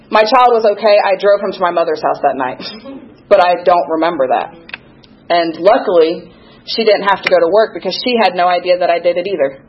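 A woman's voice: lowish voice, lo-fi sound. A young woman giving a candid, self-deprecating recovery testimony, laughing at her own past. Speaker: recovery speaker sharing her story.

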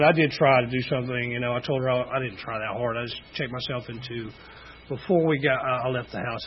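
A man's voice: a little high, husky, lo-fi sound. A middle-aged man giving a candid, rambling personal testimony at a recovery meeting, full of "you know" fillers. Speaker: speaker sharing recovery story.

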